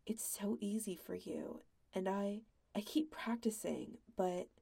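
A woman voicing an insecure young male musician who speaks softly and haltingly. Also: mid-range voice, vocal fry, breathy edge, heavily acted. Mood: quiet. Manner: soft, hesitant, halting. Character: insecure young man, a self-doubting musician.

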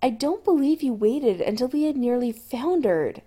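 A woman's voice: high voice, lively intonation, moderate pace, warm tone, slightly rough, voice pushed up. A woman reading as a smug young privateer. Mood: wry. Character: smug, stubborn young male privateer captain.

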